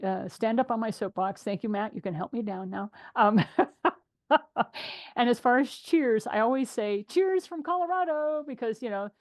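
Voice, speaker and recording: A middle-aged woman hosts a relaxed group conversation. She tells animated, lively stories and often breaks into laughter. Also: medium pitch. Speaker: host. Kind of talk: casual group chat.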